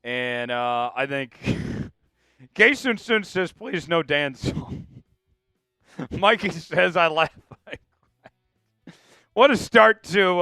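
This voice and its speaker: A man's voice: a little high, lively intonation, very slow, long pauses, clean tone, dry recording, studio quality. Rowdy laughing sports stream host, man. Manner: rowdy, laughs a lot, bursts into loud chants. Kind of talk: live stream chat with viewers.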